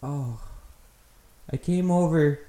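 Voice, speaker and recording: A man's voice: a little high, slow, warm tone. A man playing a rambling, confused neighbor. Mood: pleading. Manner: folksy, rambling, placating. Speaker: podcast host. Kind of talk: improvised comedy role-play. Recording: echoey room.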